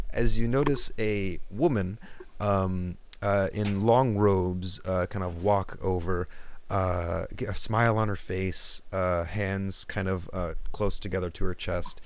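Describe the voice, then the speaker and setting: A man's voice: deep voice, steady tone, slow. A man narrating as game master in a casual, rambling way with many fillers.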